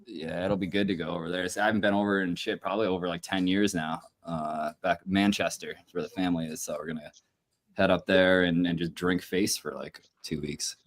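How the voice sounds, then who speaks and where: A man's voice: deep voice, fairly even intonation, fairly quick. A man chatting casually on a live stream, laid-back and loose with swearing and fillers.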